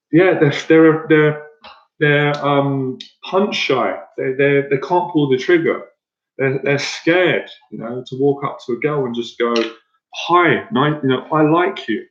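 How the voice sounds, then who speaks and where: A man coaching an audience in a blunt, rambling way, often repeating himself and restarting his sentences. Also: mid-range voice. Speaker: dating coach. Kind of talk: motivational talk to an audience. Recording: echoey room, dull lo-fi sound.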